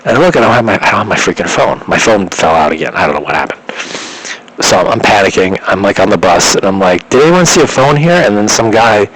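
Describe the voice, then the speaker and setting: A man's voice: deep voice, quick pace, fairly bright tone, slightly rough, poor audio. A young man vlogging, telling a rambling personal story with many restarts and filler words.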